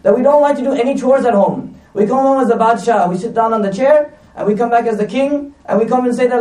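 High-voiced man preaching, echoey room. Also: fast talker, hardly any pauses, dark tone. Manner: storytelling with asides and fillers. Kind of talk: conversational religious talk. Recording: echoey room, mic at a distance.

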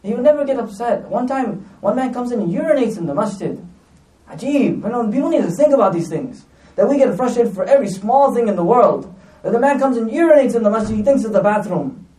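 A man giving a sermon with lively storytelling, repeating phrases for emphasis. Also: very high-pitched, fast. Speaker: preacher. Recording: echoey room, distant mic.

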